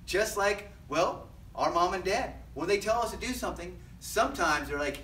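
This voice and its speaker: A man leading a children's service, telling a Bible story in a playful way with sound effects. His voice is bright, sits fairly high, and swings widely. The room echoes, and he is a bit distant from the mic. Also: expressive, normal speed. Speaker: children's pastor. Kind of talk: animated Bible storytelling for kids.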